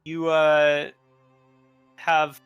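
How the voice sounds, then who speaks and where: A man narrating a tabletop role-playing game as game master, talking in a relaxed, loose way with fillers. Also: fairly high pitch, extremely slow, clear, resonant tone, dull audio, faint music behind.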